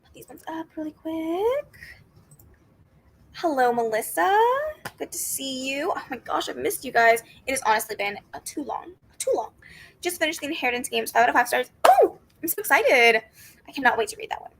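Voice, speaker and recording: Bubbly high-voiced woman chatting on a livestream. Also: animated, brisk, rough recording. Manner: chatty, greets viewers and reads their comments aloud; upbeat with frequent laughs and squeals. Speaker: book livestream host. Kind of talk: casual live-stream chat.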